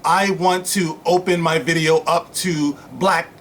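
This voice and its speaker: Guy rambling on his channel, kinda high voice, lots of "you know", gets mocking n animated, faint noise behind. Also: measured pace. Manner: animated, mocking, breaks into sarcastic put-on voices. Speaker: YouTube commentator. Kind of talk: casual rambling commentary.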